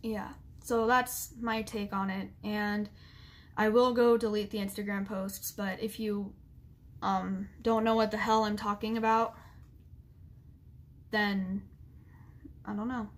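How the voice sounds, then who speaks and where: A young woman vlogger talking straight to camera, halting and full of fillers as she fights back tears. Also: mid-range voice, level tone. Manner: halting, with many fillers and restarts. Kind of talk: emotional apology vlog.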